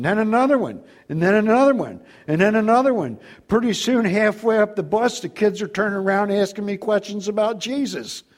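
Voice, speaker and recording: A man's voice: a little high, a little mellow. A middle-aged man preaching a testimony sermon, telling his story with acted-out dialogue and frequent laughs.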